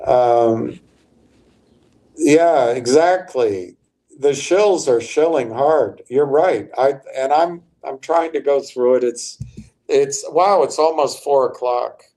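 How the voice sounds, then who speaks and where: An older man talks slowly through his livestream, his voice mellow and unforced. He rambles, stops mid-phrase, restarts, and speaks straight to his viewers as he comments on stocks. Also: medium pitch.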